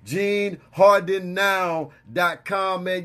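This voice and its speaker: A man with a mid-range voice hosts a relaxed interview chat. He talks in an easygoing way, stumbling through repeated starts and calling his guest "man.". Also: medium pitch, moderate pace. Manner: stammering restarts, easygoing, says "man" a lot. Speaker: podcast host.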